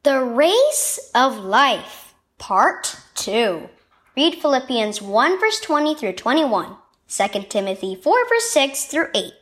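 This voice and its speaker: Woman narrator, high voice, lively pitch, scripted children's devotional. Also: slow pace. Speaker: devotional reader.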